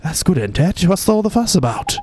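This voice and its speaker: A man's voice: high-pitched, big pitch swings, brisk, a little mellow, slight background noise, voice pushed up. A man voicing a chatty, boastful little male fairy sidekick in a Welsh accent, teasing and ending lines with tag questions, over game music. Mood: cheeky.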